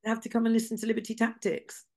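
A woman's voice: a little high, little pitch movement, quick pace, a little mellow. A woman with a Scouse accent hosting a casual news show, chatty with sarcastic asides.

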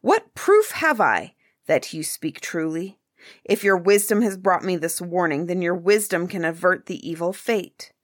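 A woman reading aloud, voicing a proud, quick-tempered king who speaks in a commanding, impatient way. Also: on the low side, expressive, dry recording, studio quality. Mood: imperious.

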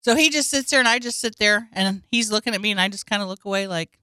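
Woman, casual storytelling, animated, bright tone, dry recording. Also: mid-range voice, quick pace, dry recording. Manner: animated, laughs often while telling stories.

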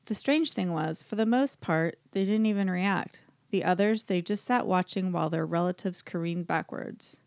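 Giggly woman with a gravelly voice. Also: on the low side, normal speed, darkish tone, no echo. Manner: giggly, gushing, swears casually. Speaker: podcast co-host. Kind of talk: casual chat and reading a short story aloud.

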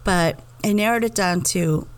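A woman in her thirties, co-hosting a podcast, telling stories in an animated, chatty way. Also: medium pitch, moderate pace, rough recording. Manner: animated storyteller, laughs while reading reviews aloud. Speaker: podcast co-host. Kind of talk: casual chat.

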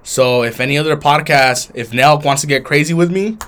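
A man's voice: fairly high pitch, brisk, a bit bright, smooth. A young man from Southern California co-hosting a podcast, in loose, profane, joking banter. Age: young adult. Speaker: podcast co-host. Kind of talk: casual podcast chat.

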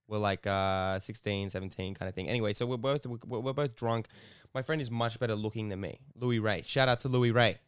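A man's voice: fairly low pitch, a little fast, few pauses, clean tone, dry recording, clean studio sound. A young man, co-hosting a podcast and telling stories in casual chat, laughing often and swearing casually. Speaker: podcast co-host.

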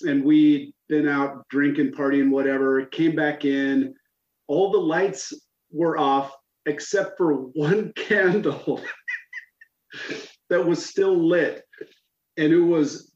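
A man's voice: fairly high pitch, steady tone, slow, darkish tone. A man telling rambling stories as a podcast guest, often laughing at his own memories. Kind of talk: casual storytelling. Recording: echoey, dull lo-fi sound.

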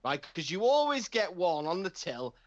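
A man's voice: sits high, sing-song, moderate pace, lo-fi sound. A man with an English accent telling a comedic story, acting out both sides of the dialogue as he rants.

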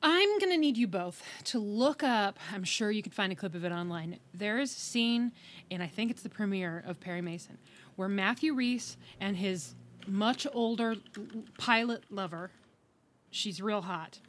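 A woman hosting a casual podcast chat over a video call, animated and quick to laugh. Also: mid-range voice. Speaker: podcast host.

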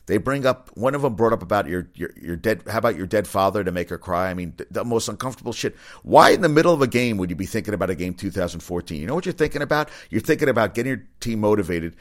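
A man's voice: lowish voice, expressive, fast talker, hardly any pauses. A man hosting a casual opinion commentary, blunt and rambling, swearing freely. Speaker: commentary host.

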